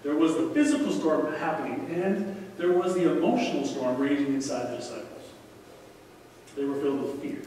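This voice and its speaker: A middle-aged man preaching a sermon as a guest speaker, talking to the congregation in a conversational way and telling stories with lively asides. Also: a little high, normal speed, a little hiss or hum. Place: church sanctuary. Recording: distant, echoey church hall recording.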